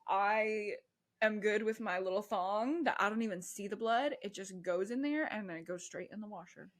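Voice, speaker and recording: A woman's voice: mid-range voice, normal speed. A woman in her twenties co-hosting a podcast, chatting casually and animatedly with lots of laughter. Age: 20s. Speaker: podcast co-host. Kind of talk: casual chat.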